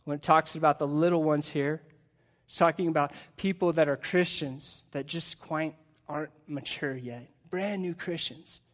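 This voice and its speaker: A man's voice: a little high, steady tone, normal speed, a bit bright. A middle-aged man, a pastor preaching a sermon into a pulpit microphone, earnest and emphatic, asking the congregation rhetorical questions.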